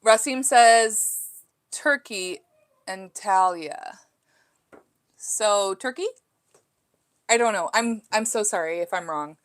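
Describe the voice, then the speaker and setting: A woman's voice: medium pitch, slow pace, pauses often. Chatty mother folding laundry. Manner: chatty and self-reflective, with frequent fillers. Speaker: live stream host. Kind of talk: casual live chat reading comments. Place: home.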